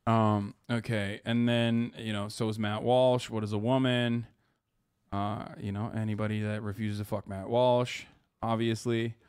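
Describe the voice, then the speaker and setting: A man's voice: on the low side, flat delivery, measured pace, a little mellow, smooth, no room sound, studio quality. A man hosting a stream, chatting casually with a blunt, sarcastic, profane manner. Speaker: streamer host. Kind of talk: casual reaction-stream chat.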